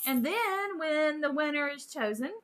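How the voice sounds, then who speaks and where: A woman's voice: high voice, animated, a little slow, a bit bright. A woman hosting a casual live stream, chatting with viewers, greeting them by name and laughing often.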